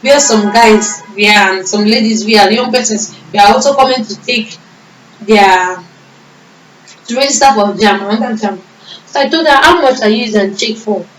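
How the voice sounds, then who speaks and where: A young woman with a Nigerian accent and a medium-pitched voice, speaking at normal speed, shares a personal faith testimony as a vlogger. She tells it in an earnest, emotional way, including reported dialogue. She's recorded from a distance in an echoey room, with slight background noise.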